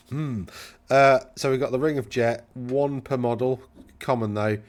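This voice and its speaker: With a steady, mid-range voice and measured pace, this man hosts a channel where he reviews game rules. His commentary is casual and rambling, full of self-corrections and wry, dismissive remarks.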